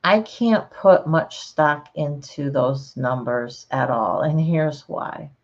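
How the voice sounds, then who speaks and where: Slow, low-voiced woman chatting casually. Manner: relaxed, chatty, laughs often. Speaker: channel host. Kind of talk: casual livestream chat reading comments. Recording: slightly dull lo-fi sound.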